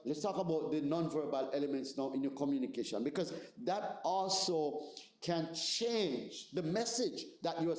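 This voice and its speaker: Slightly high with a darkish tone, this man's voice comes from a Jamaican pastor in his forties running a seminar. He keeps it conversational, repeats words, and keeps asking "right?", recorded in an echoey room.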